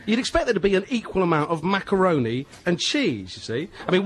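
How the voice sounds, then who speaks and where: A man doing sketch comedy, telling deadpan stories and ranting pedantically. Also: on the high side, brisk, hardly any pauses, very noisy.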